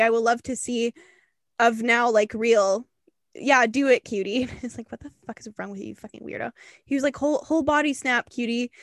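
A young woman co-hosts a podcast. Her voice sits a bit high. She tells a story in a loose, animated way, laughing and swearing all through it, and the sound is close and dry. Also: no room sound. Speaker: podcast co-host. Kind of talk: casual storytelling chat.

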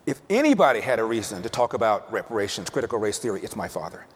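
A man's voice: fairly low pitch, big pitch swings, quick pace, slightly rough. A man giving an emphatic storytelling speech, repeating words to build each point. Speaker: speaker telling a personal story. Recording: long reverb of a hall.

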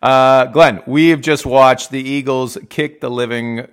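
A man from Canada hosting a casual sports podcast in a steady mid-range voice. He teases and jokes with easy, playful banter. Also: medium pitch, measured pace, smooth. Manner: joking, teasing banter. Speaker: podcast host.

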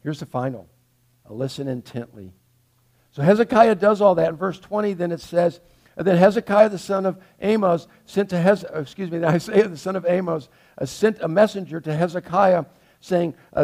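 Gravelly older man preaching. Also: sits high, normal speed. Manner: earnest, swings from loud pleading to soft and hushed. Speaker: pastor. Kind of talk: sermon.

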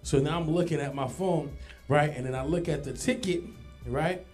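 A man's voice: a little high, darkish tone. Podcast guy telling a story, keeps going "right?", bit of music behind. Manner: storytelling, quick, says "right?" often. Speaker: podcast co-host. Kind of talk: casual chat.

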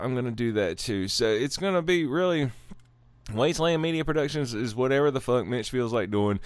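A man's voice: medium pitch, normal speed, smooth, no echo. A middle-aged man hosting his own podcast, rambling casually with plenty of swearing and self-deprecating asides. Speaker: podcast host. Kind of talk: casual solo podcast monologue. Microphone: studio microphone.

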